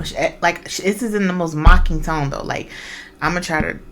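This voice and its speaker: A woman's voice: medium pitch, moderate pace, a bit bright, slight background noise. A woman hosting a podcast, talking in a blunt, profane, casual monologue full of incredulous questions. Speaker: podcast host.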